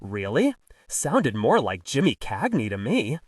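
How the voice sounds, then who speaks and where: A man reading the part of a large, unflappable college porter with a dry, deadpan manner. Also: medium pitch, unhurried, husky, dry recording, recorded from a distance, full character voice.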